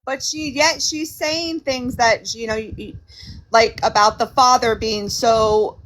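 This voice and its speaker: A woman's voice: fairly high pitch, steady tone, a little slow, fairly bright tone, poor audio. A woman rambling through a casual chat, stumbling and restarting. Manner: rambling, repeats herself, trails off.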